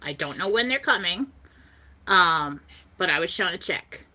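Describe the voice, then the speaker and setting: A woman's voice: fairly low pitch, lively intonation, a little slow, pushed and bright. A woman co-hosting a talk show, animatedly telling a personal story in casual chat and laughing often as she goes. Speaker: co-host.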